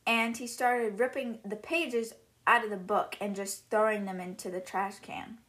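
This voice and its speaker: A woman's voice: medium pitch, fairly even intonation, moderate pace, fairly bright tone. A woman hosting a podcast, casually summarizing a book in a chatty, filler-heavy retelling. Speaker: podcast host.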